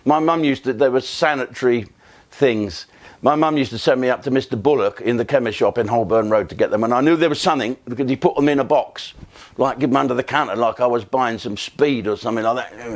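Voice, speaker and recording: A man's voice: mid-range voice, brisk. Bawdy male comedian. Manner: bawdy, anecdotal, conversational. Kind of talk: rambling comic monologue.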